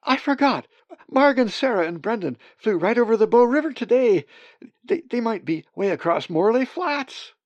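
A man voicing a young female raven who frets in high, anxious cries. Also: sing-song, a little slow, gravelly, darkish tone, no room sound, full character voice. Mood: alarmed. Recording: dull, slightly muffled sound.

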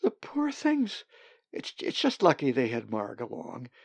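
A man voicing a young female raven who frets in high, anxious cries. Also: wildly swooping pitch, measured pace, gravelly, a little mellow, breathy edge, no room sound, heavily acted. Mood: worried. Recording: dull, slightly muffled sound.

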